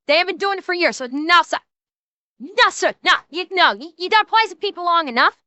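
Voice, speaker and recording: A woman's voice: very high-pitched, expressive, brisk, bright, forceful tone, dry recording. A woman streamer ranting and swearing while reacting, stammering and repeating herself. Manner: profane, stammering, heated ranting.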